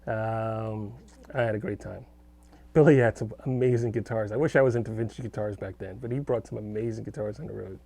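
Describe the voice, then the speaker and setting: A man's voice: fairly low pitch, fairly even intonation, fairly quick, creaky, dark tone. A middle-aged man, a guitarist hosting a casual live stream from his home studio, rambling as he answers viewer comments aloud.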